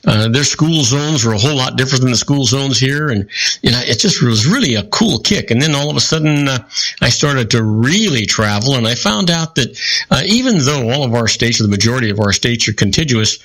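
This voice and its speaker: A man's voice: medium pitch, animated, brisk, fairly bright tone, rough recording. Man, native californian, storytelling, casual talk, chatty asides. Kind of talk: casual radio chat.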